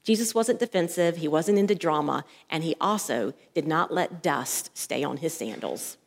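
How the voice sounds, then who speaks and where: A woman's voice: sits low, expressive, moderate pace, gravelly. A woman pastor preaching a sermon into a headset mic, telling stories and acting out the voices in them. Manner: storytelling, acts out voices in anecdotes. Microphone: headset mic at the ear. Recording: long hall reverb.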